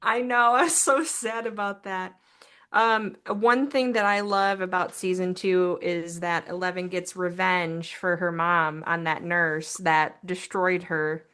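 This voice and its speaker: A woman co-hosting a casual podcast, explaining TV plot points hesitantly, with frequent pauses and restarts. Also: on the low side, little pitch movement, a bit bright, clear, resonant tone. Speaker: podcast co-host, daughter. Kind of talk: casual chat recapping a TV show.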